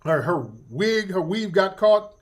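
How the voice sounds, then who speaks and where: Middle-aged male host, joking and cursing, animated voice. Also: high voice, measured pace. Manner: profane, joking, laughs often. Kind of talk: casual livestream commentary.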